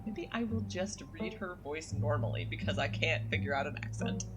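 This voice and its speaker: A woman's voice: low-pitched, lively intonation, moderate pace, over music. A woman streamer musing and rambling while playing and reading a story game aloud. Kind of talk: let's-play commentary and reading aloud.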